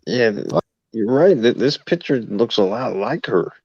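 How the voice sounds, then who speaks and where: Brief: male guest, gravelly low voice, lively pitch, dull lo-fi call audio, easygoing. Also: a little slow, dry recording. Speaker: stream guest. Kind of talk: casual chat.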